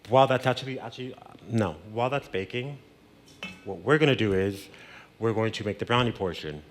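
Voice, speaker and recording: A man's voice: fairly low pitch, brisk, slight background noise. A man hosting a cooking show in a kitchen, explaining a recipe step by step in a chatty, playful way and dropping in Spanish words. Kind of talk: casual cooking demonstration. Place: home kitchen.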